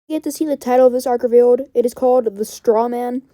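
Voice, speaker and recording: A woman in a casual video, recapping a comic book issue in a chatty, animated way. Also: on the high side, quick pace. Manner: chatty, animated retelling, quoting characters.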